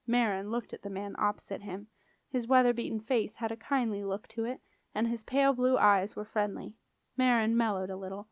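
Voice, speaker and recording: A woman reads a children's novel aloud in a calm, clear and expressive way. Her voice sits fairly high and the recording is close and dry, with no room around it. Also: brisk, dry recording. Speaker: audiobook reader. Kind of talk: storybook narration.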